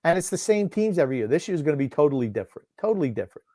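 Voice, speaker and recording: A man's voice: a little high, big pitch swings, very fast, mellow, dry recording. Man, grumpy co-host, blunt, rambling, dry close sound. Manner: gruff, blunt, rambling asides. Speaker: podcast co-host called Grump. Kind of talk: casual game watchalong chat.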